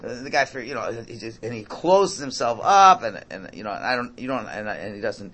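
Man, rabbi type, casual lecture delivery, very lively intonation, repetitive and emphatic. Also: mid-range voice, brisk, hardly any pauses. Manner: animated, repetitive, bursts into near-shouting for emphasis. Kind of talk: informal religious talk on marriage.

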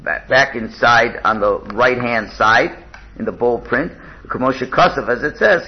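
A man leading a text-study lesson at a middle pitch, stumbling over restarts and repeated words. He stops to gloss Hebrew terms in English and tells stories to make a point. The recording sounds dull and lo-fi. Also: measured pace. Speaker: teacher of a religious text.

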